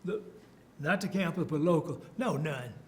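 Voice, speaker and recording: A man's voice: fairly high pitch, animated, normal speed. An older man, recounting memories in an oral history interview, chuckling and restarting his sentences. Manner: storytelling, chuckling, many fillers and restarts.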